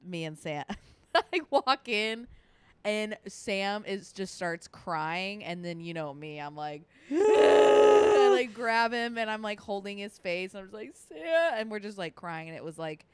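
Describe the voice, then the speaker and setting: A woman's voice: mid-range voice, moderate pace, clean tone, no echo. A young woman co-hosting a podcast, telling her story expressively with swearing and trailing phrases. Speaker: podcast co-host. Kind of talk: casual podcast chat.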